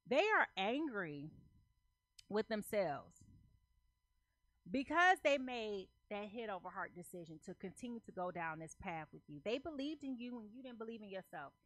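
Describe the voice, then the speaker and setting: A woman's voice: on the high side, a bit bright, dry recording. A woman giving a casual tarot reading, talking emphatically, repeating herself and checking in with her listeners in loose, slangy speech. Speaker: tarot reader.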